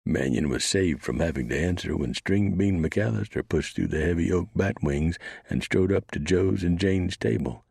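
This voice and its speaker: A man reads a western novel in a very deep, gravelly voice with a husky grain. His measured narration is recorded dry and close to the mic. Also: a little mellow, dry recording. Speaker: audiobook narrator.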